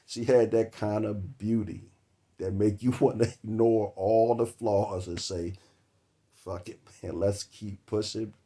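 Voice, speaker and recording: A man, telling a long comic story about a date that cost him, laughing between words and swearing freely. His voice sits a little low. The delivery is loose and conversational. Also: steady tone, measured pace, mellow. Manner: profane, laughing through the story. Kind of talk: comedic storytelling monologue.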